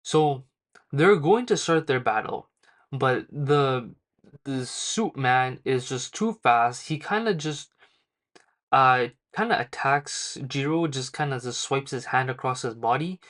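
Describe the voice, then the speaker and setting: A man's voice: mid-range voice, fairly bright tone. A young man casually recapping a manga chapter in a rambling, slangy way with lots of fillers. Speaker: manga reviewer.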